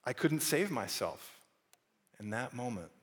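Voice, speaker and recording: A man preaching with earnest conviction, at a middle pitch. He pushes some phrases up and drops others to a near hush. His voice rings out with a long, lingering reverb. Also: sing-song, a little slow. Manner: earnest, shifting from raised to hushed delivery. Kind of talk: sermon.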